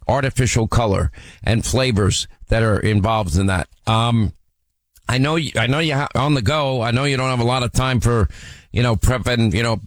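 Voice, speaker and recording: A man hosting a talk radio show in a casual, rambling way, full of ums and false starts. His voice sits at an ordinary pitch. The studio sound is dry and close. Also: dry recording. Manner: rambling, with frequent ums and restarts.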